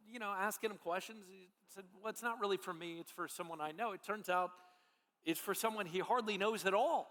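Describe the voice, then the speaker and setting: Earnest high-voiced man preaching in a hall. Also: sharp tone. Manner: earnest, halting with many restarts. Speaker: pastor. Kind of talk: sermon storytelling. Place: large church hall.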